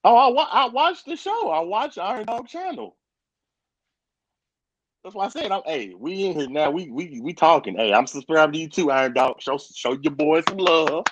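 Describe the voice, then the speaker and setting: This man talks in a lively, up-and-down way, his voice sitting a little high for a man. He is excitable and friendly on a live stream and keeps calling people brother. The sound is dry and dull, like lo-fi stream audio. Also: normal speed. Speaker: co-host of a live reptile stream. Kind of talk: casual live-stream chat.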